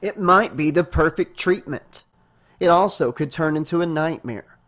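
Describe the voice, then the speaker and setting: A man's voice: fairly high pitch, normal speed. Man narrating a slasher audiobook. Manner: steady storytelling read.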